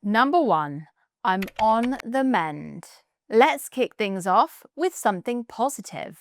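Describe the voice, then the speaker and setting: A woman's voice: fairly high pitch, sing-song, slow pace, slight background noise. A woman with a British accent, teaching an English lesson as a tutor with an upbeat, emphatic delivery.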